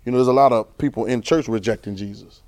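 In a fast, mid-range voice, a man preaches a conversational, informal sermon, repeating phrases and shifting between loud and soft passages.

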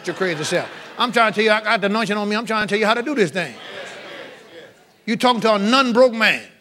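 A man's voice: high voice, quick pace, pushed and bright. A man preaching a revival sermon, emphatic and calling out to the congregation. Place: church revival service.

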